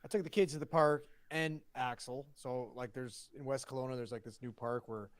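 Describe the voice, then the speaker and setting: A man co-hosting a podcast, telling a story in casual chat, animated and swearing as he acts out the dialogue. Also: mid-range voice, moderate pace, dry recording. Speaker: podcast co-host.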